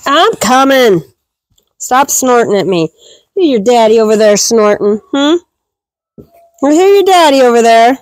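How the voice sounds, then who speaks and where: A woman's voice: on the high side, very animated, drawn-out words, long pauses, dry recording, rough recording. A woman goat farmer vlogging casually while doing barn chores, talking fondly to her goats and scolding them.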